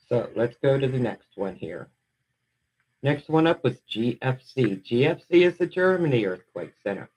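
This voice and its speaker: A man's voice: mid-range voice, husky, poor audio. Brief: man, casual live-stream host, chatty with viewers while reading out quake reports. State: a little out of breath.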